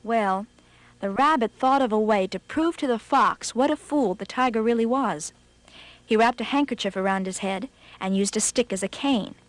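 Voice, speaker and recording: Expressive woman reading a storybook. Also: a little high, moderate pace, no echo. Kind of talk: scripted storybook narration.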